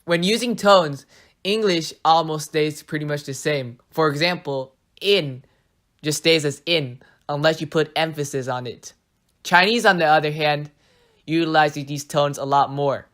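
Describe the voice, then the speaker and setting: Narrator for a language lesson, bright tone, steady explanatory read, voice-over. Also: mid-range voice, measured pace. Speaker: teacher. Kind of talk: scripted narration.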